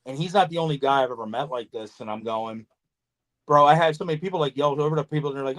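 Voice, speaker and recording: A man hosting a casual podcast chat, telling animated stories, swearing freely and acting out conversations. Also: mid-range voice, fast. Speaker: podcast host, snake breeder.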